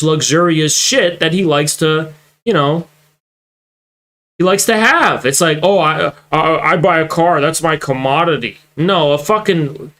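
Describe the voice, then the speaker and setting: A high, bright-voiced young man does profane reaction commentary on his stream. He mocks what he hears and swears freely, his voice sharp and forceful as he works himself up. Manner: mocking, swearing, growing heated. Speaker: political streamer reacting to clips.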